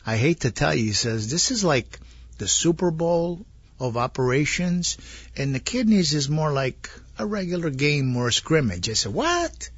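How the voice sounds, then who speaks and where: A man casually retelling a story, rambling and animated, acting out the dialogue he heard. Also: on the high side, normal speed, breathy edge, no room sound. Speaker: guest telling his story. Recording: dull lo-fi audio.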